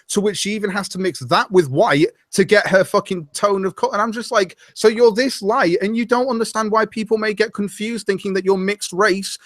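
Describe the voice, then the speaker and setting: High-voiced man in animated chat. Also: no echo, clean studio sound. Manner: animated, swearing, acts out quotes. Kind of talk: casual group chat.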